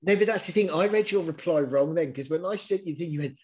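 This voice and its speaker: Guy co-hosting a chatty show, animated, pitch leaps when exasperated. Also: fast talker, few pauses, rough recording. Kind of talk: casual chat recapping reality TV.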